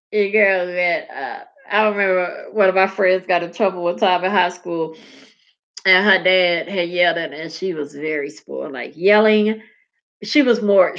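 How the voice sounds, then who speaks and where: A woman chats and tells stories, acting out the people she quotes with big swings in pitch. Her voice is bright with a gravelly edge, and the recording sounds dull and lo-fi. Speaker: podcast co-host. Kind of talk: casual comedic chat. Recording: dull lo-fi podcast audio.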